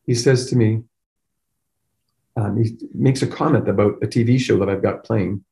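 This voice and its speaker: A man's voice: on the low side, normal speed, gravelly, mellow. A middle-aged man, a chiropractor, telling an emotional personal story in an earnest way, often repeating words as he goes. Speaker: chiropractor guest.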